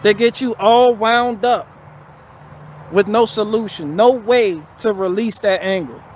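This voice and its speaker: A man's voice: high voice, measured pace, slight background noise. A man ranting profanely and bluntly on a live stream, circling back over his phrases. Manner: repetitive, restarting phrases. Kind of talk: casual live-stream rant.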